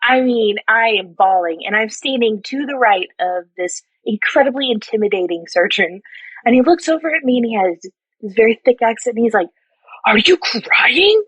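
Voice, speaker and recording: Husky middle-aged woman telling stories. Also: a little high, a little fast, dry recording, dull audio. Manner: lively, laughing, acts out quotes. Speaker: surgical technologist and educator, guest. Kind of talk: animated storytelling in a podcast interview.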